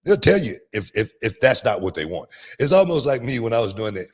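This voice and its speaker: A man's voice: mid-range voice, big pitch swings, brisk. A man hosting a podcast, chatting casually, laughing often and repeating words as he tells stories. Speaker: podcast host. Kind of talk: casual chat.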